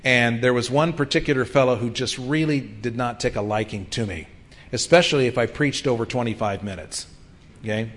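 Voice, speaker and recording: A man's voice: medium pitch, a little fast, fairly bright tone. A man in his fifties preaching a sermon in an earnest, conversational way, with frequent ums and restarts. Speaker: pastor.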